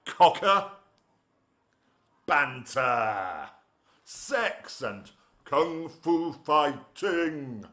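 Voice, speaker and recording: A man's voice: medium pitch, a bit bright. A man performing his poems live in a studio, punchy and rhythmic, with playful asides between pieces. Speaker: performance poet. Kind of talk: live poetry reading.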